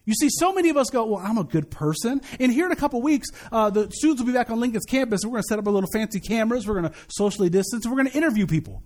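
A middle-aged man pastor preaching a sermon, an animated, joking storyteller who repeats his key points. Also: very high-pitched, rapid-fire, hardly any pauses.

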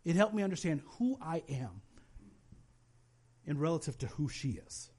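High-voiced animated male preacher. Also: normal speed, husky. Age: adult, has children. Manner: animated storytelling, voices quoted parents. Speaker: pastor. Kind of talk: sermon.

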